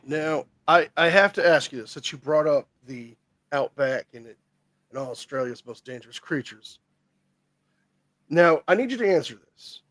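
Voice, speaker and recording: A man co-hosting a podcast who puts mock-serious questions to the guest and swears casually. His voice is high and very animated. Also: normal speed.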